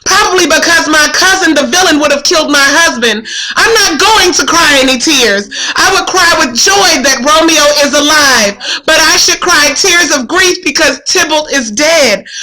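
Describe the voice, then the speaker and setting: A woman's voice: high voice, animated, normal speed, bright, forceful tone, voice pushed up, low-quality recording. A woman reading aloud as a young girl in love and grieving, in plain modern prose. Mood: anguished. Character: young lovestruck girl torn by grief. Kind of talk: reading a play aloud in class.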